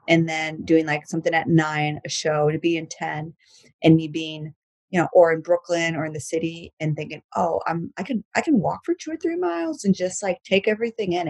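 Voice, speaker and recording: A woman talks in a loose, rambling podcast chat, full of restarts and casual swearing. Her voice sits low and has a husky, breathy edge. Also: a little mellow, no echo, poor audio. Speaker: comedian guest.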